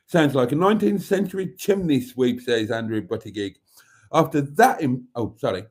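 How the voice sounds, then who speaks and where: A man's voice: mid-range voice, expressive, moderate pace, a little mellow. A man hosting a casual livestream, reading viewer comments aloud in a chatty, playful way and repeating items back to callers. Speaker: livestream host.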